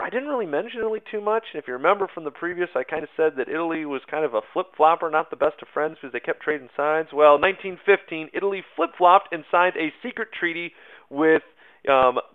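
A man with a fairly high voice teaches a history lesson in a loose, conversational way, full of fillers, asides and little jokes. The sound is narrow and thin, like it is coming through a phone line. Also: clean tone. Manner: informal, chatty, many fillers and asides. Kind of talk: casual recorded history lecture.

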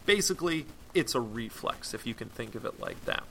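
A man explains a psychology topic in a relaxed classroom style. His voice is bright and forward. He talks loosely, with plenty of fillers and quick self-corrections. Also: mid-range voice, creaky, slight background noise. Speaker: psychology teacher. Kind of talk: casual explanatory lecture.

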